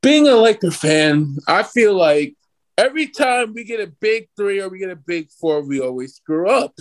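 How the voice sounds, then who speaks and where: A man in his twenties hosting a podcast, ranting excitedly and swearing freely in casual sports chat. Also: a little high. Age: 20s. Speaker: podcast host.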